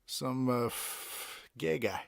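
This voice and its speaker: A podcast host from Boston, speaking with that city's accent, talks slowly in a creaky, medium-pitched voice. Recorded dry and at studio quality in Tokyo, he rambles casually about songs with plenty of fillers.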